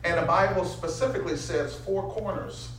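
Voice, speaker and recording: A man preaching with a bright, forceful edge, stopping to teach and then rising into impassioned near-shouting. He works the room with call-and-response. The recording is echoey and picked up from a distance. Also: sits high, normal speed, slight background noise. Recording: echoey room, mic from far off.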